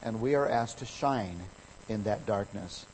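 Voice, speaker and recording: A man preaching a sermon as a pastor, emphatic, his voice swelling louder on key words. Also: lowish voice, a little slow, slight background noise, poor audio.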